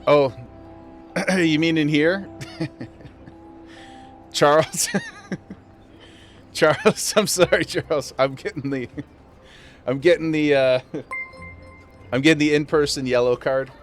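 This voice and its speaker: A man streaming a game, chatting casually with his viewers, playful and quick to laugh as he talks straight to chat. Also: fairly high pitch, soft background music. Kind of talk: casual live-stream chat while gaming.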